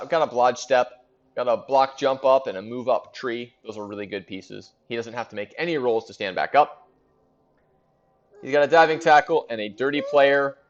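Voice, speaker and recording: A man's voice: medium pitch, lo-fi sound. A man hosting a casual recap of a league in a fantasy sports board game, chatting and thinking aloud with fillers.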